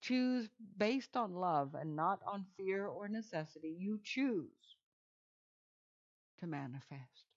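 Slow, soothing woman guiding meditation. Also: fairly low pitch, animated. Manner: slow, soothing, repetitive phrasing. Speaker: meditation guide. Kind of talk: guided meditation. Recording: dull lo-fi sound.

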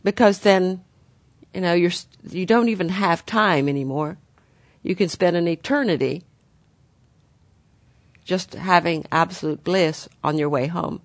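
Gentle spiritual teacher, dry close sound. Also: medium pitch, a little slow, pauses often, dry recording. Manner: gentle, guiding, addresses listeners as "dear ones".

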